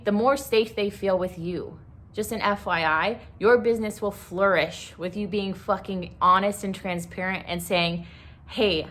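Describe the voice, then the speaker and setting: Blunt, bright-voiced woman podcaster. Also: medium pitch. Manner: blunt and profane, frank and impassioned. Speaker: podcast host. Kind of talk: candid solo podcast talk on grief.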